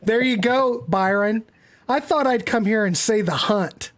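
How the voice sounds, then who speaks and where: A man's voice: high voice, unhurried, fairly bright tone. Brief: male host, upbeat, keeps a casual panel moving.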